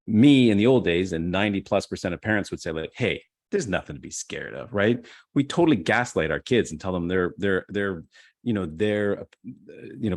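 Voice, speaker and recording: Middle-aged male improv teacher, low voice, dry close sound, animated storyteller. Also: no echo. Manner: animated storyteller, acts out quotes. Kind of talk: casual conversation. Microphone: video call.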